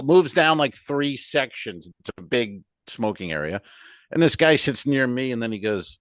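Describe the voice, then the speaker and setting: A man's voice: mid-range voice, normal speed, no room sound, studio quality. A man, a comedian, telling a comic anecdote on a podcast over a video call, acting out the people he quotes. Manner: animated anecdote with acted-out quotes.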